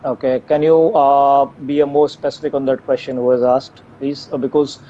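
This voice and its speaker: A man's voice: medium pitch, level tone, moderate pace, dark tone. A man answering audience questions as a tech company's co-founder, talking with many fillers and restarts. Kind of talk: live Q&A interview answers. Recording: dull lo-fi live stream audio with faint noise.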